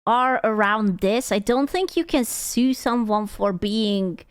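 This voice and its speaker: A woman streamer giving casual, excitable reaction commentary, giggly and blunt with her swearing. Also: a little high, slow pace, clean tone, no room sound, clean studio sound. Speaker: VTuber streamer reacting to a video.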